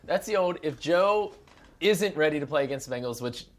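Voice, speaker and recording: A man's voice: fairly high pitch, expressive, fairly quick. Playful man co-hosting a sports podcast. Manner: playful, teasing, boastful banter. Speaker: podcast co-host. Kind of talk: casual sports podcast chat.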